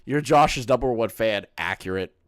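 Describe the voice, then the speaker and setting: A man giving sarcastic live-stream commentary, his pitch swinging up and down with lively emphasis. He reads messages aloud and tosses in mocking asides. The sound is dry and close to the mic. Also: moderate pace, no echo.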